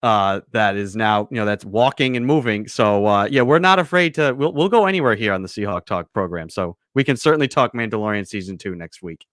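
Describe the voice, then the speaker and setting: A man's voice: on the low side, lively intonation, a little fast, hardly any pauses, a bit bright, no room sound. Playful male radio host, dry studio. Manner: teasing, playful. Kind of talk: casual radio interview.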